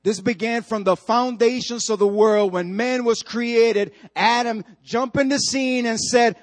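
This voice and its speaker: A man's voice: extremely high pitch, a little slow. A male pastor preaching a sermon, emphatic and repetitive, putting direct questions to the congregation in church.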